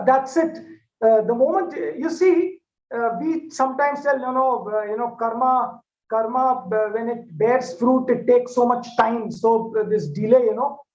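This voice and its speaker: A man with an Indian English accent giving a devotional talk in a satsang hall, telling stories and addressing listeners with many filler pauses. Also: extremely high pitch, a little mellow. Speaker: spiritual speaker. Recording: echoey dull lo-fi hall recording.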